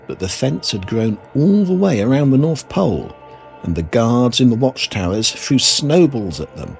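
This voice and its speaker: Husky, lively storybook narrator. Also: mid-range voice. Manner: expressive, animated storytelling. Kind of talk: storybook reading.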